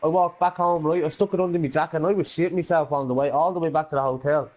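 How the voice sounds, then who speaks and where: A man's voice: a little high, fairly even intonation, very fast. A man with a Dublin Irish accent telling a rambling, sweary story in casual voice chat, full of fillers like "you know". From Ireland.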